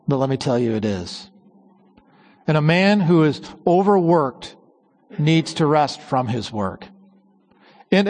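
Emphatic preacher in a long-echo church. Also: male voice. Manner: emphatic, slowing on key words and dropping to a low hush at phrase ends. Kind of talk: sermon.

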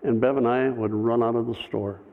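A man's voice: medium pitch, steady tone, fairly quick. A man, a pastor, telling a personal story in a sermon, conversational with wry humor. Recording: phone-like, long hall reverb.

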